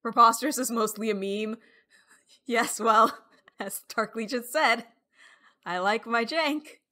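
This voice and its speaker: Bright-voiced woman streamer thinking aloud. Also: a little high, slow pace. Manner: thinks aloud, reads viewer chat, trails off with fillers. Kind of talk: casual live-stream chat while deckbuilding.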